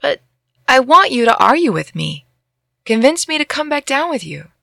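A woman voicing an earnest, emotional young man with hooves in a spoken fantasy story, in a gravelly voice. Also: high-pitched, very animated, moderate pace, a bit bright, no echo, clean studio sound, voice pushed up, heavily acted. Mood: wistful.

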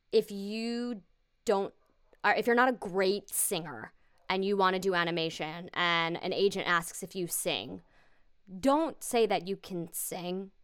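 A woman in her forties, a voiceover actor, giving emphatic and animated advice in a casual interview. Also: mid-range voice, clean tone.

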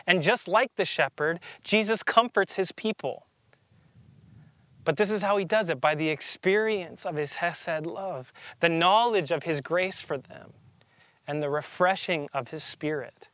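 A man preaching a sermon as a pastor, earnest and emphatic, slowing down to stress key phrases. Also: high-pitched, fairly bright tone, no room sound.

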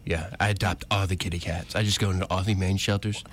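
A radio host doing an impression of a boastful older billionaire politician who rambles and brags. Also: male voice, low-pitched, steady tone, quick pace, a bit bright, slight background noise. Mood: smug. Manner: rambling, bragging.

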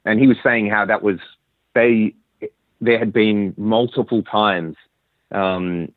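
A lowish-voiced Australian man chatting on a call as an interview guest. He rambles through his story with lots of restarts. The line is tinny and phone-like, with a dry, close sound. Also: fairly even intonation, takes it slowly, no room sound. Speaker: guest musician. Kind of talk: casual interview chat.

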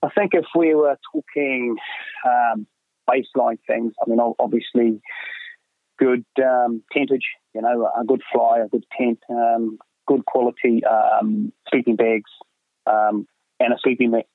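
Over a dry, tinny phone connection, a middle-aged hunting guide speaks as a podcast guest in a medium-pitched, steady, unhurried voice. His casual talk wanders, heavy with fillers and frequent uses of "mate."

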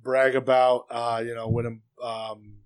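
A man co-hosting a podcast, recapping events in excitable, profane casual chat. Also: medium pitch, unhurried, clean tone. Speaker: podcast co-host.

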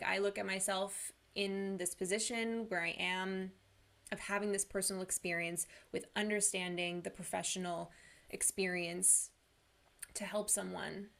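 A woman's voice: medium pitch, vocal fry, a bit bright. A young woman who coaches people through anxiety and depression, giving an earnest, casual motivational talk. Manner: earnest, casual, uses "like" a lot. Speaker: mental health coach.

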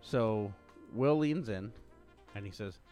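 A man's voice: lowish voice, expressive, slow pace, warm tone, soft background music. Pa podcast dude in his 30s rambling thru a story, voice swings up and down a lot. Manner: rambling storyteller, loose and profane. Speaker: podcast co-host. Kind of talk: casual chat.

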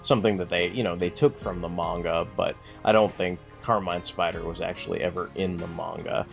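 A man's voice: sits low, fairly even intonation, a little fast, creaky, faint music behind. A man co-hosting a podcast, chatting casually in a rambling way with lots of fillers and swearing. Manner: rambling, filler-heavy, profane. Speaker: podcast co-host. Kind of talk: casual chat.

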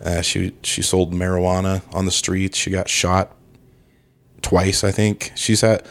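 A man's voice: deep voice, little pitch movement, unhurried, vocal fry. A man, a stand-up comedian, chatting as a guest on a comedy podcast in a dry, laid-back way.

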